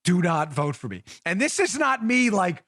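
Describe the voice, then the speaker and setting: Animated man hosting a talk podcast. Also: sits high, normal speed, no room sound, clean studio sound. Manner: sarcastic mock-pleading, rambling with restarts. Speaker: podcast host. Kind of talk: animated political talk show monologue. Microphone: studio microphone.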